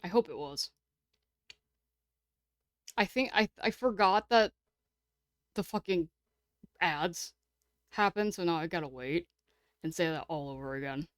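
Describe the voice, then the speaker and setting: A woman streamer reading a game aloud and chatting with her viewers, excitable and casually swearing. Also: fairly low pitch, unhurried, pauses often, dry recording, studio quality.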